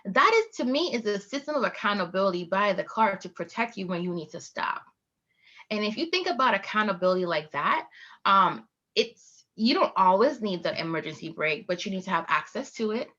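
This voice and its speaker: A woman speaking at an online leadership conference, talking in a lively way and laughing often. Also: medium pitch, moderate pace, lo-fi sound. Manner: lively, laughing, animated storytelling. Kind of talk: live online presentation.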